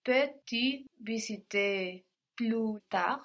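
A female student in a language lesson. She answers slowly and with care, sounding out each new word as she repeats after her teacher. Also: on the high side, fairly bright tone. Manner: answers slowly and carefully, trying out new words. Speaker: language learner.

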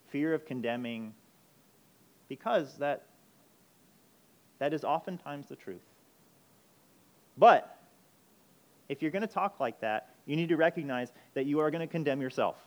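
A man preaching a sermon, emphatic, moving between urgent loud passages and quiet intense ones. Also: fairly high pitch. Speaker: pastor.

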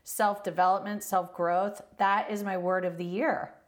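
A woman's voice: mid-range voice, little pitch movement, unhurried. Woman in her forties hosting an interview. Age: 40s. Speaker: host. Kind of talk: casual interview chat.

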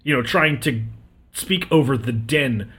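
A man's voice: mid-range voice, lively intonation, measured pace, fairly bright tone, husky. A man running a tabletop game as game master, explaining rules in a casual way.

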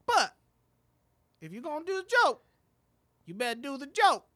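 A man's voice: big pitch swings, normal speed, sharp tone, full character voice. A man voicing a fellow open-mic comic, an earnest man who pushes his point and repeats himself. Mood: insistent. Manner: high pushy put-on voice, repeats himself.

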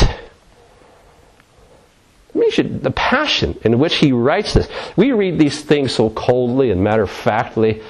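A man's voice: medium pitch, big pitch swings, measured pace, long pauses. A man preaching a sermon with passion, acting out scripture in a dramatic, shifting tone.

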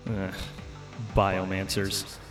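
A man's voice: deep voice, monotone, drawn-out words, fairly bright tone, faint music behind, pitched below the performer's own voice, heavily acted. A male narrator voicing an earnest young male storm mage rallying a council. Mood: wry. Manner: urgent, rallying.

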